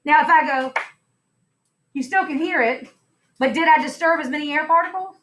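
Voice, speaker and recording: A woman's voice: high voice, normal speed, a bit bright. A woman teacher giving a science lesson in a classroom, upbeat and playful, putting questions to her students.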